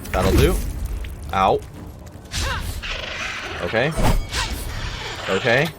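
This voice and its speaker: Man, gameplay commentary, low voice, lively swings in tone, game music under him. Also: extremely slow. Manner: wry, muttered asides to himself. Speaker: gameplay video host.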